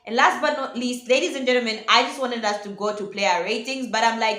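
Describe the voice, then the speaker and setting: A woman hosting a casual football reaction vlog, talking excitably and addressing her viewers as ladies and gentlemen. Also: on the high side, fairly quick, few pauses. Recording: echoey room.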